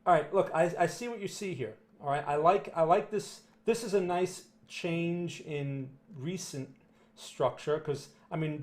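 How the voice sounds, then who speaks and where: A man's voice: fairly high pitch, darkish tone. A man with a New Jersey accent giving blunt, emphatic live chart commentary to viewers, often tagging "right?" and "okay?" onto his points. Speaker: market analyst answering viewer questions.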